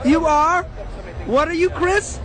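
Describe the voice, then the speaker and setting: A man vlogging at a comic convention, goofy and over-the-top, shouting a catchphrase and giving shout-outs. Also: very high-pitched, slow. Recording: noisy convention crowd around.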